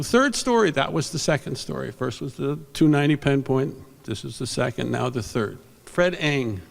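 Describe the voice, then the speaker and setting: An older man from New York giving a rambling, anecdotal awards speech on a convention stage, with asides to the audience. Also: mid-range voice. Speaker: award presenter. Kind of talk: storytelling speech at an awards ceremony. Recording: reverberant convention hall.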